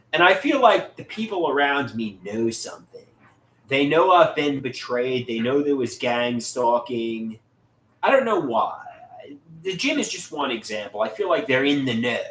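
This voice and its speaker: A man hosting a casual livestream, reading out viewers' chat and answering them in a halting way, often repeating words and restarting sentences. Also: mid-range voice, fairly bright tone. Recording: roomy echo, faint background noise.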